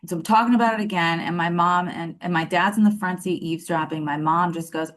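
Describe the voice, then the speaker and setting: Woman, thirties, lower pitch, casual storytelling, lots of "like", acts out dialogue. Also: fast talker, few pauses. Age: 30s. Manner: animated, acts out quoted dialogue, many fillers. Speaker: guest telling her love story.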